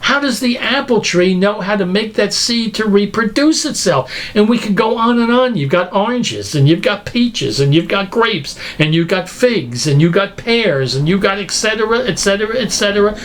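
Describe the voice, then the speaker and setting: A man's voice: high-pitched, expressive, normal speed, hardly any pauses. Man preaching in rhetorical questions. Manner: emphatic, full of rhetorical questions. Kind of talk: sermon-style lecture.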